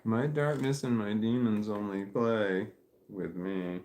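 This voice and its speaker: Slow and steady, a man with a lowish, slightly mellow voice rambles on a casual livestream from his home. The audio is reverberant with slight background noise, and he stammers and meanders, talks to his dog, and reads out messages.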